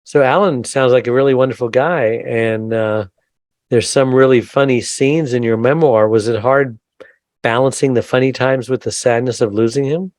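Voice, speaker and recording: A man hosts a podcast interview in an easygoing way, quick to laugh and toss in a joke. His voice sits at a middle pitch. The recording is close and dry, with no room sound. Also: darkish tone, dry recording. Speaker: podcast host. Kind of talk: conversational interview.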